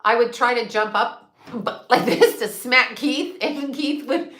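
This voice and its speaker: A woman's voice: a little high, measured pace, fairly bright tone, roomy sound. A woman in her sixties hosting a casual livestream, reading viewer comments and chatting candidly, swearing freely and laughing often. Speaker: psychic and astrologer livestream host.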